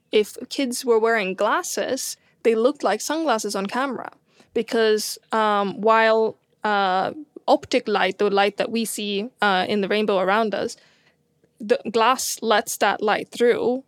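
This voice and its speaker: A woman's voice: mid-range voice, unhurried, no room sound, studio quality. A woman astronomer in a casual science chat, talking in a chatty way with many fillers and restarts and frequent laughs. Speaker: astronomer guest.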